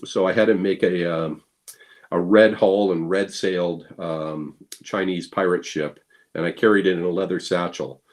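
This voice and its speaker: In a low-pitched voice with fairly even intonation and a moderate pace, a man who is a guest blacksmith spins casual stories. He's playful, acts out quoted lines, and his talk is full of fillers and restarts.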